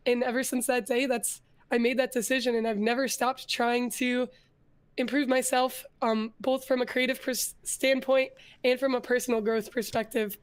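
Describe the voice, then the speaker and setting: A woman's voice: on the high side, normal speed, smooth. A young woman, a guest in a casual interview, telling her story earnestly with a lot of filler words. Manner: earnest storytelling, growing more energetic. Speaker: interview guest, vtuber and artist.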